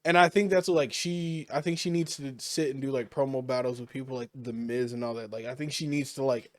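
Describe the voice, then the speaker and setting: A man's voice: medium pitch, steady tone, fairly quick, dry recording. A man co-hosting a podcast, chatting casually about wrestling, rambling with lots of fillers and restarts. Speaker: podcast co-host.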